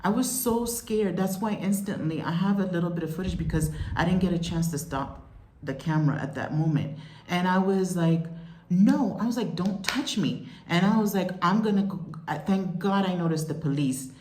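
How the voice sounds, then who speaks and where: A woman vlogger telling a frightening travel story in a rushed, shaken, exclaiming way, still upset as she speaks. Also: on the low side, dark tone, echoey room, slight background noise. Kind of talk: emotional storytime recounting.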